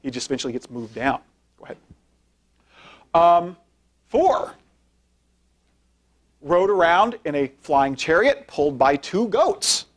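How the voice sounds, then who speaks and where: A philosophy professor guest-lectures informally with slides, chatting conversationally, tagging sentences with "right?" and asking for the next slide as he goes. His voice is fairly high with big pitch swings, unhurried and full of pauses.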